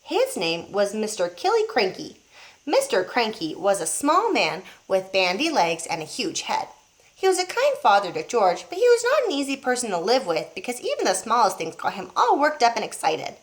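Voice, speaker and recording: A teacher reading a children's book aloud to young pupils, pausing to show the pictures. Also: female voice, on the high side. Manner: expressive, showing pictures as she reads.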